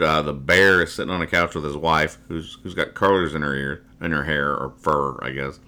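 Host, male, very low pitch, bright forceful tone, wry rambling comic-strip chatter. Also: normal speed, hardly any pauses. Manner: wry, rambling, trails off quietly after jokes. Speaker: podcast host reading comics. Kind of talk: casual comic-strip reading chat.

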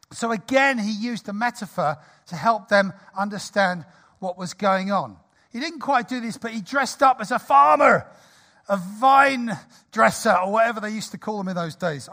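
A man in his sixties preaching a sermon in a church, lively, jokey and conversational. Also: sits high, moderate pace. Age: 60s.

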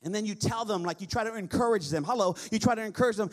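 A male pastor with a high voice delivers a sermon in a church. He reads scripture aloud and calls on the congregation to repeat after him. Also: racing, hardly any pauses. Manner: preaching, quoting scripture, calls on the congregation to respond.

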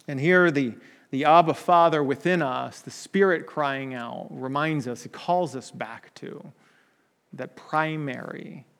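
A man's voice: medium pitch, creaky, in a large hall. A man preaching a conversational sermon, often checking in with "right?" and restarting his sentences.

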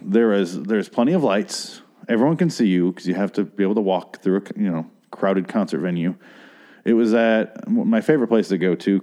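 A man in his thirties hosts his own podcast alone, rambling and swearing freely with a self-mocking edge. His voice sits low and sounds mellow and soft-edged. He talks into a studio mic through a mixer. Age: 30s. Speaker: podcast host. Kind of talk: casual solo podcast monologue.

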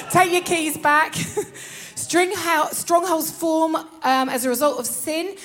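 A woman preaching a sermon in a lively way, often laughing and acting out little scenes. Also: sits high.

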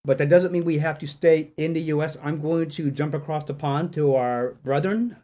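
A man's voice: on the high side, moderate pace, warm tone. Upbeat man chatting on a podcast. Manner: enthusiastic, laughs often. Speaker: podcast co-host. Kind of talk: casual chat.

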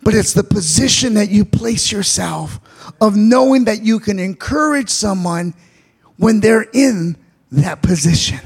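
High-voiced man preaching in shouts. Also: animated, unhurried, vocal fry, husky. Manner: shouted, sing-song preaching with frequent "uh" fillers. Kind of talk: sermon.

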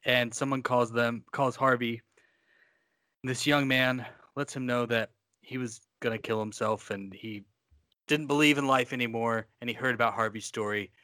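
A man with a mid-pitched, bright voice rambles loosely through his thoughts about a movie and swears casually along the way. The recording is close and dry, with no room sound around him. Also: no room sound. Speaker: podcast co-host. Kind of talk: casual film discussion.

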